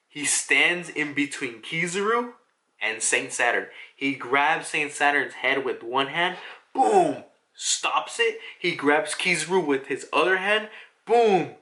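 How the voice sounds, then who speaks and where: A man casually reviewing a manga chapter, rambling, excitable and profane. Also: mid-range voice.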